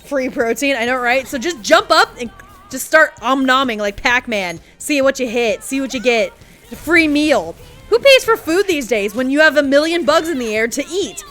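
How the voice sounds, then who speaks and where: Sarcastic high-voiced woman streamer. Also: animated, moderate pace, a bit bright. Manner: sarcastic, swearing, rambling. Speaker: game streamer. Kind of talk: casual gameplay commentary. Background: game music.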